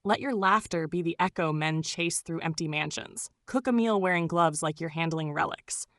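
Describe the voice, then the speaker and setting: A woman's voice: sits low, moderate pace, fairly bright tone, no echo. A woman reading scripted narration in a gushing, doting way, full of pet names.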